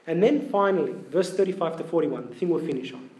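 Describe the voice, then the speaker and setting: A man's voice: fairly high pitch, fast talker, darkish tone. A man in his thirties preaching a sermon in a conversational way, full of rhetorical questions. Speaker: priest.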